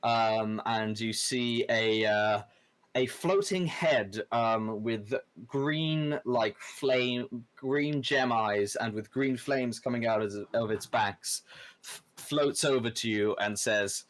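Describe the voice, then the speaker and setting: Aussie man, game master, rambling narration, mid pitch. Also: slow pace, a bit bright. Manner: rambling, many filler words.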